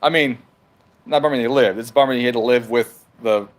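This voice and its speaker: A man's voice: mid-range voice, fast talker. A man hosting a livestream from home, reading chat messages aloud and arguing back in a heated, profane, casual rant. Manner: profane, argumentative, talks back to comments.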